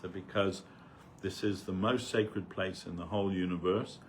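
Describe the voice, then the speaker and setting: Man, low voice, casual rambling storyteller at a temple talk. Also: steady tone, normal speed, slight background noise. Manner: conversational, rambling, frequent "you know". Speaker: speaker at a temple gathering. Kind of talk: informal spiritual talk, anecdote.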